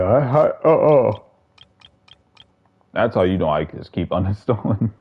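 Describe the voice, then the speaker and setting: A man's voice: deep voice, muffled recording. A man streamer giving casual, rambling, profane commentary while playing a game. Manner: rambling, profane, restarts often. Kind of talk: casual gaming livestream commentary.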